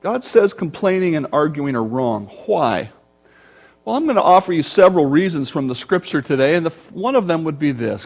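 High-voiced man preaching a sermon. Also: big pitch swings. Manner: expository preaching with sudden shifts in volume and pace; growls low drawn-out grumbles to illustrate. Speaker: pastor.

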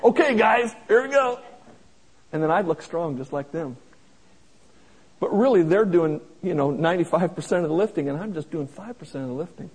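A man preaching a sermon in a folksy, plain-spoken way, slowing down to stress each scripture quote. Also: a little high, mellow, husky, rough recording. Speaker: pastor.

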